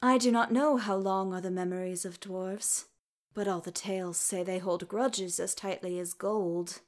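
A woman reading the part of a young male elf who speaks softly and formally, with halting pauses. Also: medium pitch, fairly even intonation, natural voice. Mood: earnest. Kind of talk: audiobook character reading.

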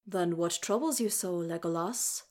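A woman's voice: lowish voice, moderate pace, a little mellow, lightly acted. A woman reading the part of a blunt, stubborn male dwarf who speaks directly. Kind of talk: audiobook character reading.

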